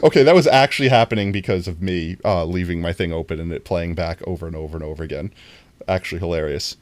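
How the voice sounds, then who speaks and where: A man's voice: low voice, fast talker, dry recording. A man streaming a video game live, chatting casually with his viewers and breaking into mock-dramatic outbursts. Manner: animated, talks to chat, mock-dramatic outbursts.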